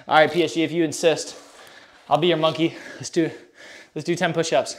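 Winded guy on a workout stream, kinda high voice, hyped and slangy, talks to chat between reps. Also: steady tone, moderate pace. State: out of breath. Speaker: fitness streamer.

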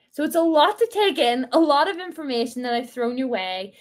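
A woman's voice: sits high, sing-song, brisk. A woman in her twenties leading a casual faith talk for a group, playful and encouraging, laughing often. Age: 20s. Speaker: small group leader.

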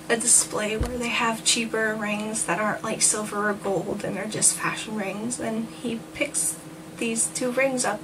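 A woman from New Jersey chatting in a casual storytelling vlog, rambling along and quoting people in little voices. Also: fairly high pitch. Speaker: vlogger. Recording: distant mic with noticeable background noise.

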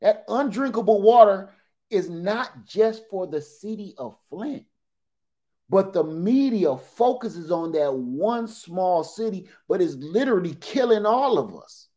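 A man in his forties, a livestream host telling animated, joking stories in casual talk. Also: sits high, unhurried.

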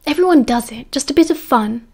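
Woman reader voicing a playful teen schoolgirl, British, cajoling, lifted pitch. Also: fairly quick, a little mellow, close to an everyday voice.

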